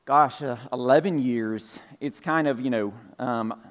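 Folksy Georgia-raised pastor in a reverberant church. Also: male voice, medium pitch, a little slow. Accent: light Southern US, Georgia. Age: 40s. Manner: conversational, folksy, with fillers and asides. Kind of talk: sermon. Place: church sanctuary.

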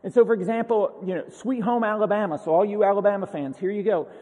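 A man gives a conversational sermon, leaning hard on key words and slipping into lively paraphrase. His voice sits a bit high for a man. The sound carries the long reverb of a church hall. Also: fast. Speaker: pastor.

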